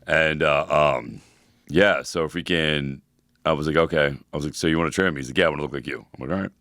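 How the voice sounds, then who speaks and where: A man's voice: a bass voice, fast talker, fairly bright tone, dry recording, clean studio sound. A man in his forties, a personal trainer co-hosting an advice podcast, talking bluntly and profanely with lots of fillers. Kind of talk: casual advice podcast chat.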